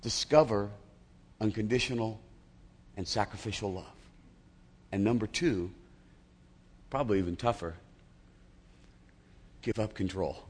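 A man's voice: on the low side, unhurried, long pauses, slightly rough, in a large hall. A male pastor preaching a sermon in a church, talking in a conversational, humorous storytelling manner.

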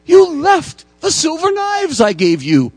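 A man voicing a kindly elderly priest in a high, sing-song falsetto while telling a story in a sermon. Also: wildly swooping pitch, slow, dry recording, heavily acted. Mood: gently joyful. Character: kindly elderly male priest, gentle and forgiving.

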